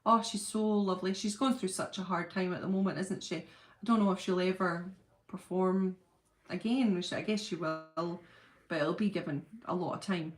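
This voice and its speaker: A woman's voice: lowish voice, fairly even intonation, moderate pace. A middle-aged woman hosting a casual livestream, chatting and laughing as she greets viewers by name. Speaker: channel host. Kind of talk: casual livestream chat reading viewer comments.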